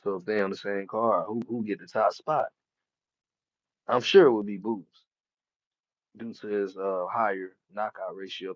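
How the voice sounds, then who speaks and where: Here a man who commentates on boxing talks about it in an easygoing way, full of slang, curse words and laughs. His pitch is fairly low, and the audio is dry and muffled.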